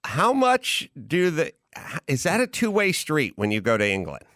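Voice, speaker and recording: A man hosting a podcast, chatting casually and riffing in a rambling, animated way. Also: a little high, moderate pace, dry recording, clean studio sound. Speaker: podcast host. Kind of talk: casual chat.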